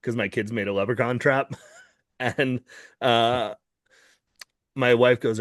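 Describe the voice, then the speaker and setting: A man's voice: medium pitch, fairly even intonation, no echo, clean studio sound. A man who is a student pastor, co-hosting a podcast in playful casual chat and laughing often. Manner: playful, laughs often, quick bursts of talk.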